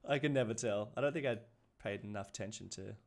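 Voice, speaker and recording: A man's voice: on the low side, gravelly. An Australian man chatting casually while streaming a city-building game, laughing often and restarting his sentences. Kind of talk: casual livestream chat.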